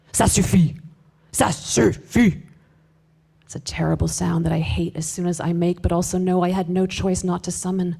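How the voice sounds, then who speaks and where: A woman performing a live spoken word piece, confessional and wry, moving between hushed asides and emphatic bursts with sharp swearing. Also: fairly low pitch. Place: live event space with audience.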